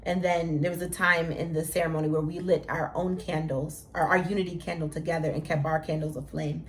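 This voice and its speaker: Casual woman co-host, young, animated storyteller with lots of "um"s. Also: deep voice, fairly quick, slight background noise. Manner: animated, emotional storytelling with many fillers. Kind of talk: casual chat about their wedding.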